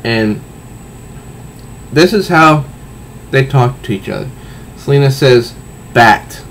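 A man reviewing a comic book, walking through the panels in a methodical, unhurried way. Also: mid-range voice, expressive, gravelly, a little hiss or hum, low-quality recording. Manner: unhurried, methodical, pauses between phrases. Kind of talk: slow, deliberate comic review, reading panels aloud.

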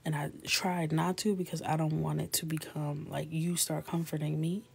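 Her voice is low, gravelly, and husky, delivered flatly at a moderate pace. A woman in her thirties hosting a live coloring stream, she chats casually and laughs with viewers, speaking softly and often sliding into a whisper.

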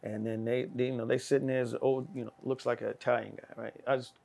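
Middle-aged guy, gravelly voice, animated storyteller who acts out every character. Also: quick pace. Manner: acts out voices of people in his anecdotes, swinging loud and high. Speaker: guest. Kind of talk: animated storytelling in casual chat.

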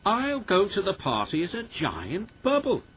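A man voicing an eager, excitable young male tank engine in a storybook reading. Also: sits high, moderate pace, slight background noise, voice pushed up, heavily acted. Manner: bright, excited exclamations. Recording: music playing behind.

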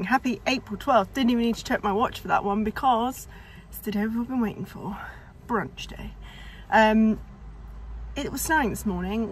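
A young vlogger with a medium-pitched voice rambles casually to the camera, a little out of breath, over a slight hiss or hum. She starts indoors at home and later talks from a parked car.

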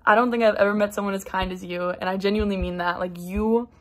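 A young woman in college giving an excited, effusive tribute to her friend and former suitemate. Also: medium pitch, fast. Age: young adult. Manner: bubbly and effusive, gushing with praise. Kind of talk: recorded video message.

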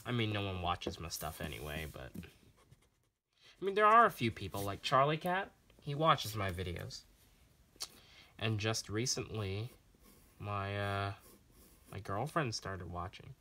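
A man's voice: fairly low pitch, sing-song, measured pace, long pauses, bright, forceful tone. A man vlogging as he draws, recorded on a phone, chatting in a rambling, self-deprecating way with a voice that sounds sarcastic. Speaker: artist vlogger drawing on camera. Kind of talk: casual rambling chat while drawing.

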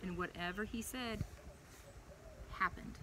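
A young woman leading a preschool chapel, reading a Bible story to young children in a playful, animated way. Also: medium pitch, a little slow, background noise.

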